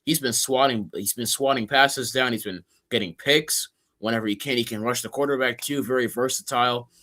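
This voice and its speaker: A man's voice: medium pitch, brisk, sharp tone. A man from Minnesota co-hosting a casual sports podcast, easygoing and rambling with fillers. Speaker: podcast co-host.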